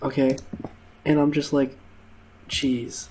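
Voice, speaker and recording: Over gameplay, a young gaming channel host tells laid-back, funny tales from his waiter days, laughing and using plenty of fillers. He speaks at a medium pitch with fairly even intonation, unhurried and slightly mellow.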